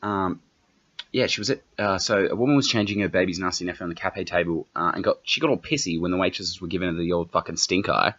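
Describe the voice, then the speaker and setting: A man's voice: sits low, fast, a bit bright, dull audio. A young Australian man hosting a solo comedy podcast, rambling and swearing constantly in a brash, offhand way. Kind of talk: profane solo podcast rant.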